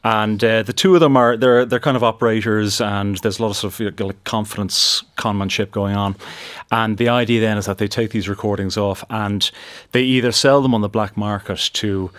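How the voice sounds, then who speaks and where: A man's voice: lowish voice, fairly even intonation, brisk, a bit bright, no echo. A man reviewing a film on a talk show, thoughtful and full of "sort of" and "you know". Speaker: film critic guest. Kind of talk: casual film review chat.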